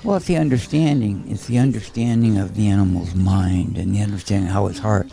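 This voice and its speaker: A man's voice: fairly low pitch, brisk, gravelly, dark tone. A man talking earnestly and casually about animals he trained, with faint film music behind. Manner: earnest storytelling. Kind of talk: casual commentary chat.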